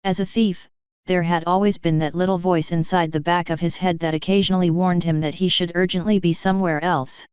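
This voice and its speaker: Brief: woman narrator for fan fiction, low pitch, very smooth clear voice, dry lo-fi recording. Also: steady tone, fairly quick, darkish tone, no echo. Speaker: fanfiction reader. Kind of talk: audiobook narration.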